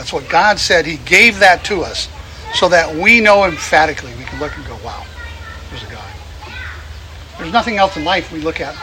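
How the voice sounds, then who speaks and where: A man preaching outdoors in a folksy, chuckling way, repeating his phrases for emphasis. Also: fairly high pitch. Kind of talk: outdoor sermon. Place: outdoors among birds. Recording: noisy outdoor recording.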